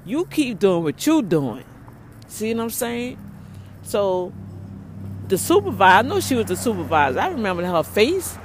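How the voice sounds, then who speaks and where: A woman's voice: medium pitch, normal speed. Woman vlogger recounting a run-in from her car, emphatic and prayerful, light background hum. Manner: animated, exclaims prayers, repeats herself. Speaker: ministry leader. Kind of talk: storytelling vlog rant.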